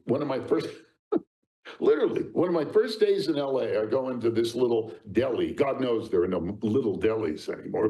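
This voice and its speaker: An older man spins show-business anecdotes as an interview guest. His voice sits at an ordinary middle pitch, and he tells his stories with lively energy and frequent laughter. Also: rough recording. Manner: lively raconteur, laughing often. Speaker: interview guest, talent agent. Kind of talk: anecdotal storytelling.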